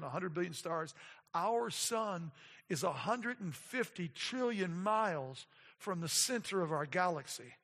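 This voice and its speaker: A man preaching a sermon as a pastor, moving from quiet explanation to emphatic declarations. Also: a little high, big-room sound.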